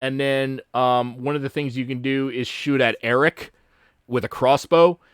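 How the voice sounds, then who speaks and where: A man's voice: medium pitch, steady tone, measured pace, clear, resonant tone, no room sound. Rambling, dry-voiced casual man. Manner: rambling retelling full of fillers and restarts; casual and profane. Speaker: podcast host. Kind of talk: casual chat.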